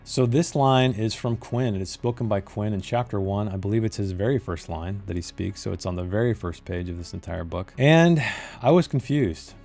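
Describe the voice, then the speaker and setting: A man delivers a critical book review, emphatic and given to repeating his key phrases. His voice sits low and sounds warm and relaxed. Faint music plays under him. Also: brisk, vocal fry, few pauses.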